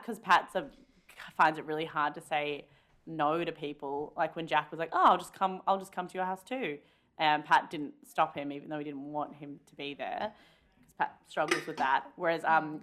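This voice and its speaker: A woman's voice: deep voice, a bit bright. An Australian woman co-hosting a podcast, telling a long rambling story in casual chat, full of fillers and swearing. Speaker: podcast co-host.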